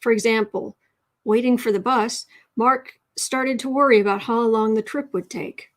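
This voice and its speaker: A woman with a slightly high voice hosts a casual writing livestream from her desk. She teaches in a chatty, unhurried way and thinks out loud as she goes. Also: fairly even intonation. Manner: chatty, reads chat messages aloud, thinks out loud.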